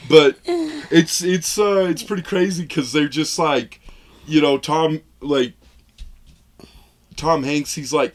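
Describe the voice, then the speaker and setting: A man's voice: on the high side, animated, slow pace, long pauses. A man co-hosting a film review podcast, talking in a loose, rambling way, acting out lines he retells and laughing at his own jokes. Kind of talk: casual chat.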